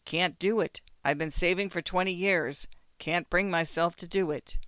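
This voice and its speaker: A man voicing a submissive old beggar who speaks quietly and without feeling. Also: high-pitched, fairly even intonation, normal speed, clear, resonant tone, dry recording. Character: meek old male beggar, quiet and unshaken.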